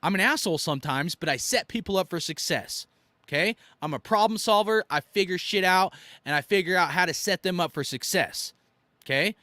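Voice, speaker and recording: A man in his thirties telling war stories in a blunt, profane rant, swinging from loud outbursts to low muttered asides. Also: fairly quick, no room sound. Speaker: army veteran commentator.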